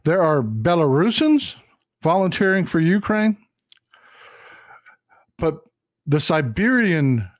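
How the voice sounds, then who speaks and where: A man's voice: fairly high pitch, no room sound, clean studio sound. A man hosting a live-streamed political commentary show, talking through a map and repeating lines for emphasis. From Texas. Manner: emphatic, repeats phrases for stress.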